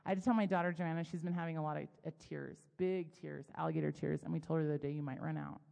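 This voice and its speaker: A woman's voice: low voice, very fast, vocal fry. A middle-aged woman giving a casual, self-deprecating sermon full of personal stories. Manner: chatty, self-deprecating, animated storytelling. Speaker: speaker at a church gathering. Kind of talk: conversational sermon. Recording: long hall reverb.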